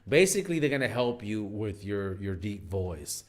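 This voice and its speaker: A man's voice: fairly low pitch, very animated, moderate pace. A man giving dating advice in a casual monologue, rambling and emphatic with lots of restarts.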